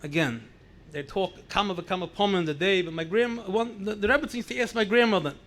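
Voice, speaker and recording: A middle-aged man, a rabbi, telling family stories in a lively anecdotal way, repeating words for emphasis. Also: high-pitched, quick pace. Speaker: rabbi sharing memories at a gathering. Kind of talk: storytelling speech.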